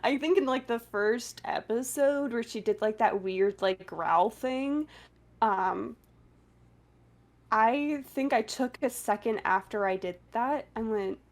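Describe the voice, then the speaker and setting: A woman's voice: a little high, slow pace. A woman voice actor in a casual panel interview, chatty and giggly, with lots of fillers, talking over a remote call.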